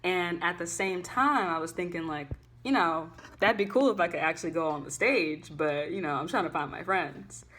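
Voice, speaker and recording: A young woman telling a casual storytime vlog, chatty and animated, full of "like" fillers, swinging between loud and hushed. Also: on the low side, moderate pace. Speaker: student vlogger.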